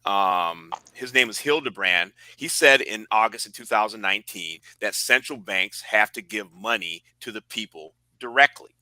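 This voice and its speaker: A man's voice: lowish voice, moderate pace, hardly any pauses, bright, forceful tone, no echo, poor audio. A man speaking animatedly in a political discussion, laying out a theory with wry asides.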